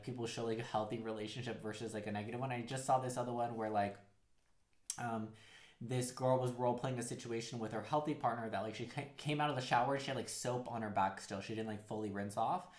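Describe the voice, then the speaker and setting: A man with a mid-range voice gives a casual, rambling tarot card reading in an echoey room. He leans heavily on "like" and other fillers and acts out quotes as he goes.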